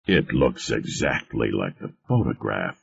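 A man voicing a gruff, blunt male boss, a little lower than his narration. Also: normal speed, heavily acted. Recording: muffled lo-fi recording.

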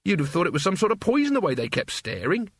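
A man voicing an earnest, flustered young male apprentice who talks in an indignant, high-strung way. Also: huge pitch swings, fast talker, husky, dry recording, studio quality, heavily acted.

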